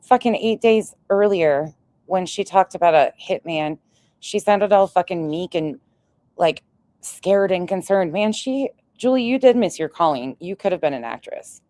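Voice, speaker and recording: A woman with a low, deep-set voice delivers casual commentary on online drama. She is sarcastic and swears freely as she rants. Her recording sounds close and dry, with no room around it. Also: unhurried, mellow, dry recording. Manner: sarcastic, profane ranting.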